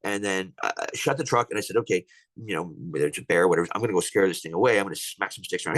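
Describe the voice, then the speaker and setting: A man's voice: on the low side, fast talker, fairly bright tone, no echo, poor audio. A man on a podcast telling a personal encounter story at length, rambling with many restarts. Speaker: podcast guest.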